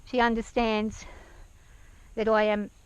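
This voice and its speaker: An anxious woman talking to camera while on horseback outdoors, hesitant and soft-spoken, speaking gently to her horse, recorded on a worn action camera. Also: on the high side, flat delivery, slow, clear, resonant tone, no room sound, dull audio. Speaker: nervous horse rider. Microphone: action camera worn by the rider.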